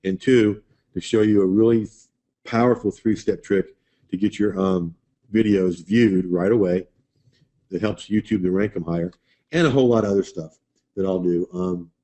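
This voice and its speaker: A man's voice: deep voice, steady tone, moderate pace, dark tone. A man hosting a live webinar, chatting loosely and answering viewers' questions by name. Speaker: webinar host.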